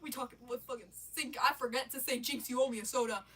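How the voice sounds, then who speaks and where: A woman telling a rambling story on a live stream, casual and animated, swearing and laughing often. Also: sits high, quick pace, husky. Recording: voice a bit far from the mic.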